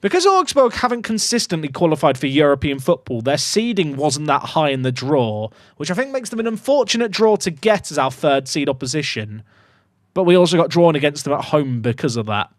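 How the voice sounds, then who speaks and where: A young man giving casual, excitable commentary on his game to his chat, swinging from muttering to loud outbursts. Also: fairly high pitch, brisk, no echo, clean studio sound. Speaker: gaming YouTuber.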